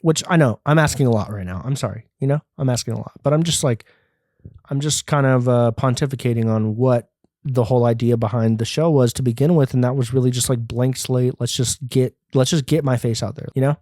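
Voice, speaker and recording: A man's voice: mid-range voice, fairly quick, darkish tone, dry recording, studio quality. Rambling, profane young man podcasting. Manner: rambling, profane, self-deprecating. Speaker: podcast host. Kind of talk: casual solo podcast monologue.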